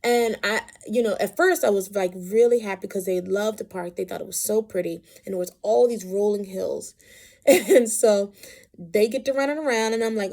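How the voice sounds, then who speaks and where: A woman speaking at a medium pitch with a gravelly, fry-tinged edge. She tells a story in a chatty, animated way and keeps adding asides. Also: normal speed. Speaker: vlogger, mother. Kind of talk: casual storytelling.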